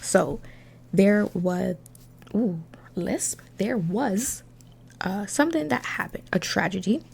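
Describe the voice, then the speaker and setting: Dramatic young woman with a gravelly voice. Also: medium pitch. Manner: dramatic, animated, swears freely. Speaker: vlogger. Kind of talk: casual storytime.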